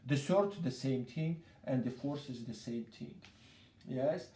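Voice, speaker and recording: Slow, patient piano teacher in an echoey room. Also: male voice, medium pitch, mellow. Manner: patient, repetitive explaining with counting aloud. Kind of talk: piano lesson. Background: piano playing.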